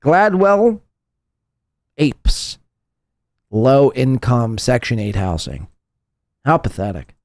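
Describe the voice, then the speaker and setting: A man's voice: fairly low pitch, expressive, takes it slowly, long pauses, darkish tone, dry recording. A man hosting a live podcast, mocking and profane in casual commentary. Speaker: podcast host.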